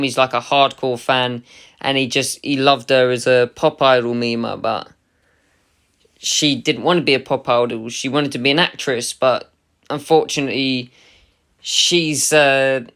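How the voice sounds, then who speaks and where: A man's voice: mid-range voice, fairly bright tone, clean tone. A man giving a casual, enthusiastic spoken review as an anime reviewer, in a chatty manner.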